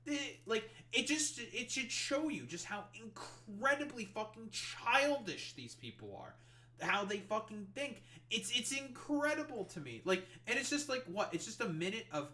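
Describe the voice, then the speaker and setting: A man's voice: very high voice, big pitch swings, moderate pace, bright, forceful tone. A streamer man in a profane political rant, reading news aloud and mocking it with exasperation. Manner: exasperated, swears constantly, reads articles aloud then mocks them.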